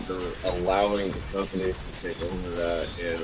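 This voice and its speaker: A man's voice: sits low, little pitch movement, moderate pace, hardly any pauses. A young man chatting casually about games over an online voice chat, rambling with lots of "like" fillers. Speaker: gamer in a voice chat. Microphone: online voice chat mic. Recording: noisy, garbled voice chat line.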